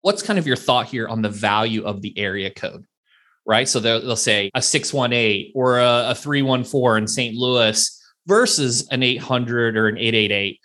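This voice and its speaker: Male podcast host, animated, conversational storytelling. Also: mid-range voice, normal speed. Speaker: CEO, business owner.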